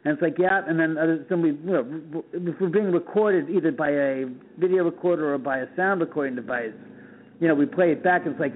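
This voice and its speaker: A middle-aged man from Los Angeles, a radio guest telling animated stories and acting out the dialogue, often repeating words as he goes. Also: a little high, fairly quick, a little hiss or hum. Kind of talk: phone interview, storytelling. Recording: tinny phone line.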